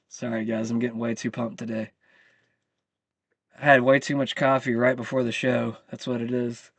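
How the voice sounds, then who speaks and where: A man's voice: medium pitch, little pitch movement, normal speed, vocal fry, pauses often, husky, no room sound. A man hosting his own channel, venting about the news in a heated, profane rant. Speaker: channel host. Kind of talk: live commentary rant.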